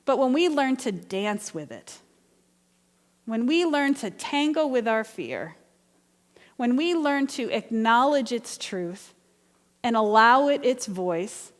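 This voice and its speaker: A woman minister, a guest in a church sanctuary, gives an earnest, conversational sermon full of personal stories. Her voice is a little high and carries the sound of a big room.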